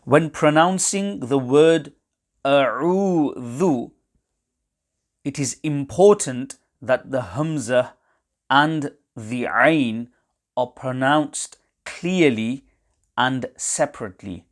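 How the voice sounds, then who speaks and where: Slow, precise male recitation teacher. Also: medium pitch. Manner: measured and precise, pausing between phrases. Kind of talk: slow, deliberate instructional explanation.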